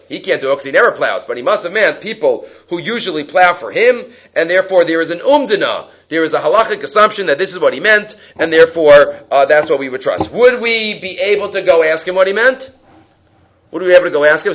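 A man giving a Talmud lecture, lively and acting out the quoted speakers. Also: on the high side, muffled recording. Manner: animated, acts out quoted speakers, many fillers. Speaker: Talmud teacher.

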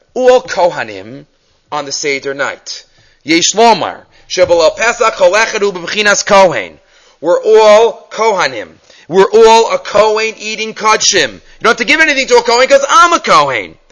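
Animated high-voiced male Torah teacher. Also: normal speed. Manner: animated, acts out questions, mixes in Hebrew terms. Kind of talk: Torah class on the Haggadah.

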